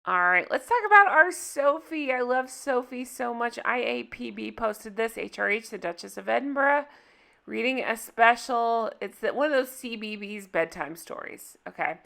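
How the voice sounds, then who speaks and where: A woman vlogger with a bright, forceful voice reads posts aloud and reacts to them. Her commentary is casual, sarcastic and exasperated, and she often thinks out loud. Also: a little high, lively intonation, moderate pace, creaky.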